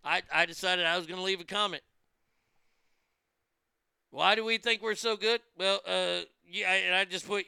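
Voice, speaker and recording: Brash male host of a profane comedy news show, gravelly and bright, dry close mic. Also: high voice, steady tone, moderate pace, pauses often, dry recording. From United States. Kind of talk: crude comedic news commentary.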